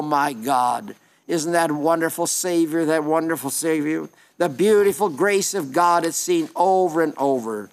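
An older man preaching a sermon in a folksy storytelling way, slowing down for emphasis. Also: on the high side.

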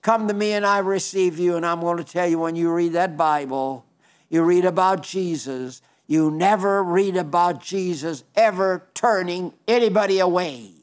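On the radio, a man with a high-sitting voice and clean tone delivers an earnest, pleading sermon. He slows down when reading scripture and poetry aloud.

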